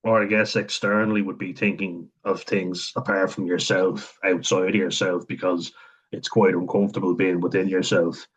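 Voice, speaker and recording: A man talking casually to camera, thinking aloud with frequent chuckles and pauses. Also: low-pitched, level tone, slightly rough. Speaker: vlogger talking about autism. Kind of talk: casual unscripted monologue.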